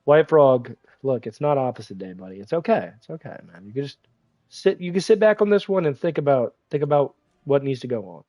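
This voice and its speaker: A man streaming a game, talking casually in a profane, excitable, teasing way, with congested sinuses. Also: medium pitch, brisk, dry recording. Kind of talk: casual gaming livestream commentary.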